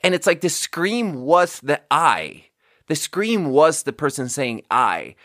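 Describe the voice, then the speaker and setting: A man's voice: on the high side, animated, measured pace, fairly bright tone, no echo. Guy rambling on his podcast, cusses a lot, cracks himself up, dry close mic sound. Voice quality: swears a lot, laughs at own jokes. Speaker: podcast host. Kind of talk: casual rambling monologue. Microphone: close studio mic.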